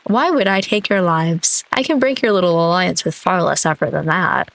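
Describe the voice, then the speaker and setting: A cool young woman rival who taunts with slow, unhurried smugness, voiced by a woman reading a story game. Her voice sits a little low and stays calm while she needles her opponents. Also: gravelly, no echo, low-quality recording. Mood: taunting. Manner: smug, measured, taunting.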